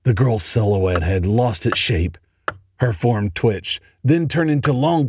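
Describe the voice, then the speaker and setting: Slow, dramatic horror narrator, low-voiced man. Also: darkish tone, slightly rough, no room sound, studio quality. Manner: slow, dramatic, dread-filled reading. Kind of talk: horror story reading. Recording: noisy home recording.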